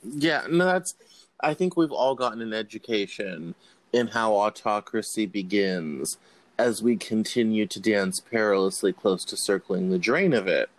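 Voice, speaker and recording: A man's voice: on the low side, unhurried, no room sound. A man hosting an interview, asking questions in a casual, conversational way. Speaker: host.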